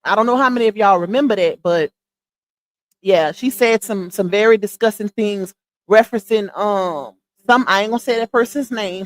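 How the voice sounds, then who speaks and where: A woman hosting a livestream, giving blunt, scolding gossip commentary straight to her viewers. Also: mid-range voice.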